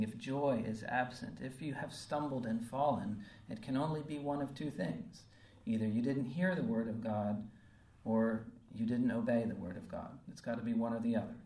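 A male preacher delivering a sermon in an earnest, repetitive way, pausing often to check in with his listeners. His voice sits at a middle pitch. It is picked up from a distance, with a roomy echo around it. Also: dark tone. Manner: earnest, repeats phrases, frequent "okay?" check-ins.

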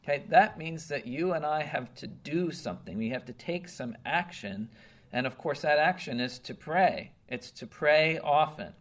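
A man's voice: fairly high pitch, expressive, moderate pace. A man preaching a conversational sermon, earnest and emphatic, often checking in with "okay?" and "right?". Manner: earnest, emphatic, with some restarts.

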